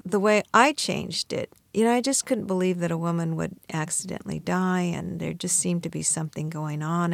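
A woman's voice: low-pitched, gravelly, no echo. A middle-aged woman, an author being interviewed, telling reflective stories and acting out the voices she quotes. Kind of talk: radio interview conversation.

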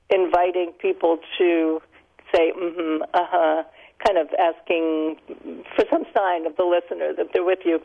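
An older woman speaks on a radio show from a telephone, explaining her points carefully and thoughtfully. Her voice has a gravelly edge, and the phone line makes it thin and narrow. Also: on the low side. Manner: thoughtful, explanatory, laughs lightly. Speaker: linguist guest. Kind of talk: radio interview answers.

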